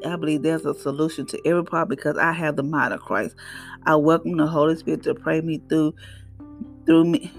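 A middle-aged woman hosts a devotional podcast in a chatty, preachy voice with a gravelly edge. She talks loosely and conversationally, exhorting her listeners. Faint guitar music plays under her voice. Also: low voice. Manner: conversational, preachy, African American Vernacular English phrasing. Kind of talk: casual devotional talk.

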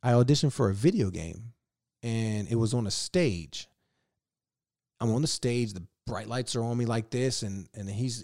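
Profane, animated man telling stories. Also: medium pitch, dry recording, clean studio sound. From Virginia. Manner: animated, profane, laughing storyteller. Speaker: guest. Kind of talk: casual storytelling.

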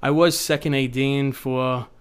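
Male TV producer guest, mid-pitched, rambling anecdotal delivery with acted-out quotes. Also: measured pace, clear, resonant tone. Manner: rambling, animated storyteller who acts out quotes. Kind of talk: casual podcast storytelling.

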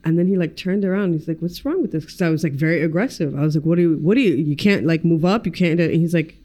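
A woman, a podcast guest, telling stories in lively casual chat, acting out quotes and swearing freely. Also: sits low, quick pace. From United States. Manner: animated storyteller who acts out quotes and swears freely.

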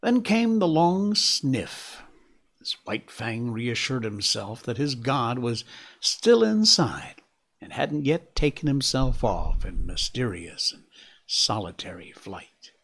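A man narrating a classic adventure novel aloud, in a measured, expressive reading voice. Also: medium pitch, husky. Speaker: audiobook narrator. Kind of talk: scripted narration.

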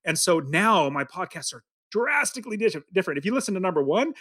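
A man hosting a podcast talks with a lot of energy in a chatty, upbeat way. His voice sits a little high for a man and is recorded dry and close, with no room echo. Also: very animated, fast talker, fairly bright tone. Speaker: podcast host. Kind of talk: casual podcast conversation.

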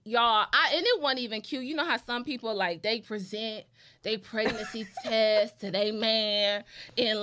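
A woman's voice: on the high side, bright, forceful tone. A woman in her thirties telling a story in a casual chat and talking straight to the audience as y'all. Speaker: guest.

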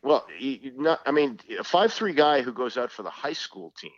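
An older man guesting on a sports talk podcast, telling old stories and quick to correct the host with what he knows. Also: medium pitch, animated, no room sound, dull audio. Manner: knowledgeable, quick to correct, storytelling.

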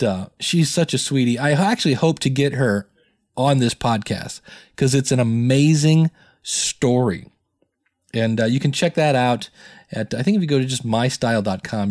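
A man's voice: mid-range voice, a little mellow, no room sound. Chatty male podcast host, dry sound. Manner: rambling, chatty, with many fillers. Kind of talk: casual solo podcast chat.

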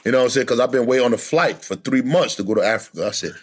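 A man on a podcast telling a hard personal story with lots of emotion, acting out other people's voices in loud high bursts. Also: racing. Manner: animated, acts out voices and shouts in high bursts. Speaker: podcast guest sharing his story.

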